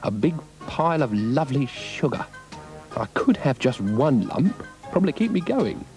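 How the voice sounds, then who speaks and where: A man's voice: medium pitch, big pitch swings, normal speed, darkish tone, soft background music, voice pushed up. A man voicing a pompous, self-important male dog with a fondness for sugar.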